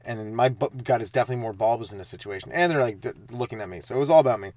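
A man in his thirties hosting a comedy podcast, telling stand-up stories and acting out the people in them with sudden loud, high bursts. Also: rapid-fire, dry recording. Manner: animated, acts out kids' taunts with sudden loud high bursts. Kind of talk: comic storytelling monologue.

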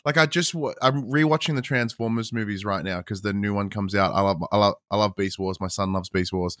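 A man with an Australian accent, a guest on a gaming podcast, talking in an animated, rambling way with many fillers. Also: on the low side, fairly quick, no room sound, clean studio sound. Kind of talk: casual podcast chat.

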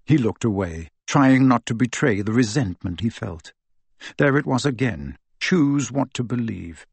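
A man reading a novel aloud as audiobook narrator, in a lively storytelling manner. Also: medium pitch, measured pace, gravelly, slightly rough, no echo. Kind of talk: scripted narration.

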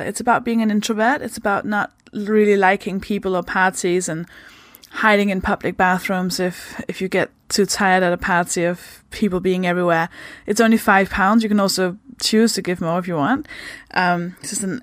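A woman's voice: mid-range voice, no room sound, clean studio sound. Chatty swearing woman podcast host. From Denmark. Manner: chatty, swears freely, laughs often. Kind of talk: casual podcast chat.

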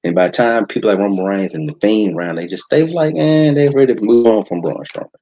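A low, husky-voiced man calls a wrestling match as he watches it. He talks casually, then breaks into loud, high, excited shouts. The recording sounds dull and lo-fi. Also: quick pace. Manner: animated, casual slangy talk with sudden high excited shouts. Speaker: podcast host. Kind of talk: excited live wrestling watch-along commentary.

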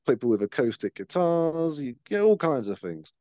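Swearing freely and performing the voices of people in his stories, a male podcast co-host keeps the chat casual. He speaks at a fairly high pitch in a sing-song way, moderate pace, dark tone, with no room sound.

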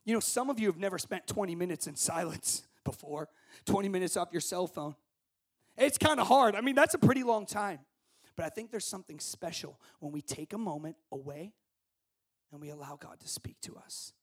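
A man preaching to students at a camp, speaking into a handheld microphone, swinging from shouted passion to hushed, gentle prayer. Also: sits high, lively intonation, brisk. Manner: impassioned, shouting at peaks, then soft and hushed. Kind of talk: sermon to students.

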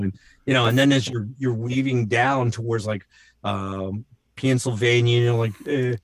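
A male voice actor in casual podcast chat, rambling with fillers and slipping into quick voice demos. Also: medium pitch, fairly even intonation, no echo. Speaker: voice actor and impressionist.

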